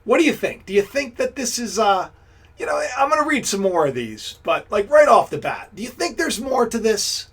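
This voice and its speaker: High, husky-voiced man chatting live. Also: very animated, normal speed, a bit bright. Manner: chatty, talks straight to viewers and greets them; rambling with frequent restarts. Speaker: livestream host. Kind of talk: casual live-stream commentary.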